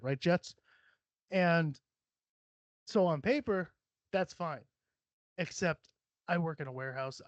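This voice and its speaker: A young adult man talks straight into a close mic in a rambling solo podcast, blunt and full of profanity. His voice sits a touch high for a man, and the sound is dry and slightly dull. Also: dry recording. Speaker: podcast host. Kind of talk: casual solo podcast monologue. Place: small cluttered home room.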